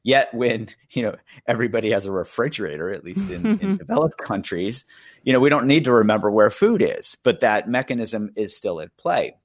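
A man's voice: medium pitch, very animated, a little fast, few pauses, dry recording, clean studio sound. A middle-aged man, a psychiatrist and author, explaining things as a radio interview guest in a conversational way, with many fillers. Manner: conversational, many "you know" fillers, occasional chuckles.

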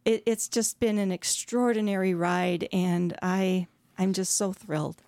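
A woman's voice: mid-range voice, fairly even intonation, a little slow, no room sound. A middle-aged woman, an author, talking earnestly as a guest in a radio interview with frequent hesitations. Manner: warm, earnest storytelling with hesitations.

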